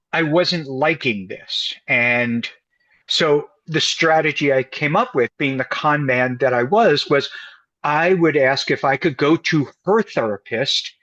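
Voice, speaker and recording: A guest on an interview, this American couples counselor animatedly recounts a story, voicing the people he quotes. His pitch runs a bit high and the recording is muffled.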